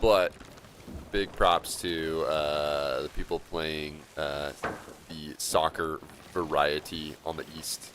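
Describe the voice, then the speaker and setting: Male game streamer, low pitch, casual rambling chat with frequent laughs, faint noise behind. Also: steady tone, slow, a bit bright. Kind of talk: live gameplay commentary and chat.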